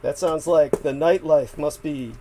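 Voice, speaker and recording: A man in casual livestream chat, his slightly high voice stumbling through restarts and fillers. A faint hiss of noise sits under the talk. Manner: halting, many restarts and fillers, laughs often. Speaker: livestream co-host.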